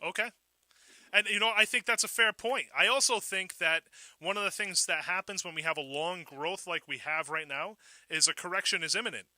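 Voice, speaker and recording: A man hosting a call-in talk radio show, energetic and conversational, posing questions to listeners. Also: high-pitched, brisk, no echo, poor audio.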